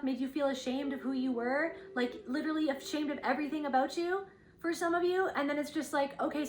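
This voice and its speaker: A woman with a high voice talks through a spiritual reading in a loose, rambling way, earnest and now and then swearing as she acts out inner thoughts. Her voice rings in a roomy echo, with faint ambient noise underneath. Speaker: intuitive spiritual reader.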